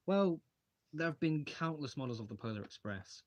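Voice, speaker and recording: Sitting at a desk in his hobby room at home, a young channel host livestreams while dismantling brick models, chatting loosely and answering viewer questions aloud. He speaks at a moderate pace in a fairly high, animated voice.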